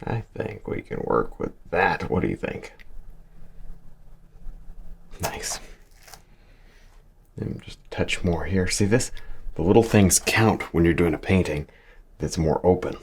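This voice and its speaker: Gravelly low-voiced painting instructor, man. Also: animated, slow pace, long pauses. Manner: chatty, encouraging, chuckles often, talks while working. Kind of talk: relaxed painting tutorial.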